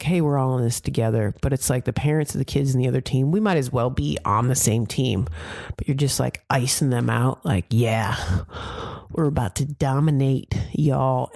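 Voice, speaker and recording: Gravelly, mellow middle-aged woman rambling. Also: a bass voice, dry recording, clean studio sound. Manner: chatty, meandering, self-correcting. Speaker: podcast host. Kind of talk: casual rambling monologue.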